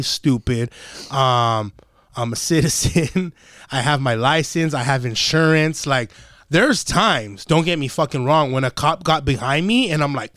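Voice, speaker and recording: A young adult man hosting a podcast, telling a story in casual, profane chat and acting out the quotes with lively energy. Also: medium pitch, no echo, studio quality. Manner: profane, animated, acts out quotes. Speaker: podcast host.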